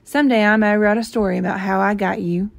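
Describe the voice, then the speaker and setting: A woman's voice: mid-range voice, steady tone, fast talker, gravelly, natural voice. Woman doing an eager young country boy. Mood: tender.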